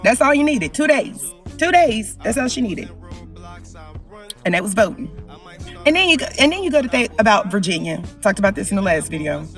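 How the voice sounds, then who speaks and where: A woman vlogger giving an emphatic opinion rant, repeating lines for effect and swinging between loud and low. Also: big pitch swings, a little fast, far from the mic, soft background music.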